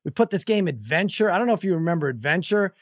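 A man in his forties co-hosting a podcast, telling stories in an animated, exasperated, jokey way. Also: high-pitched, quick pace, no echo, studio quality. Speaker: podcast co-host. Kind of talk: casual chat, storytelling.

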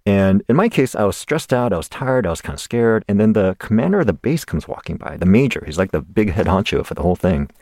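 Lively man telling a story. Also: lowish voice, fast talker, few pauses, no echo, studio quality. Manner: animated, laughs through the story. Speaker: guest. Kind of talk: storytelling interview answer.

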